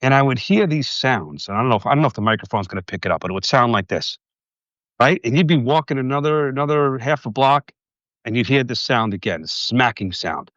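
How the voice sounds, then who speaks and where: A man with a New York City accent, a podcast guest telling lively stories in casual chat. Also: mid-range voice, a little fast, no room sound, highs cut off. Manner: lively anecdotal storyteller. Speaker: podcast guest, industry board chair.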